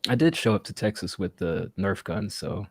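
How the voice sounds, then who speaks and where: A man in his thirties co-hosting a podcast, telling workplace stories in a casual, animated way and acting out the people he quotes. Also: fairly low pitch, moderate pace, no echo. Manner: animated, acts out quotes, laughs a lot. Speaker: podcast co-host. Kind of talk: casual storytelling chat.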